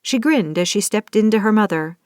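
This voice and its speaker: A woman narrating a romance audiobook in a steady, scripted reading. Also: mid-range voice, brisk, clear, resonant tone, no room sound, clean studio sound.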